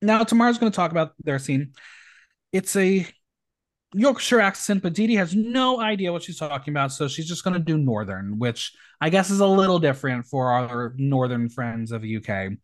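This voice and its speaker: A man's voice: a little high, moderate pace. A man hosting a podcast, recapping a reality show in a gossipy, campy way. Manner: animated, gossipy, campy asides. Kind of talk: casual chat.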